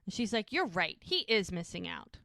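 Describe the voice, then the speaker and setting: A woman's voice: medium pitch, big pitch swings, moderate pace, pushed and bright, dry recording, clean studio sound. A woman co-hosting a podcast, casually retelling a TV episode by quoting the characters' lines in turn. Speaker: podcast co-host.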